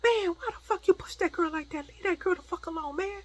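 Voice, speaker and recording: A woman voicing an angry man shouting at someone to leave a girl alone, swearing and repeating himself. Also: extremely high pitch, fairly quick, pitched above the performer's own voice. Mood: angry, yelling. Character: furious man yelling at a bully.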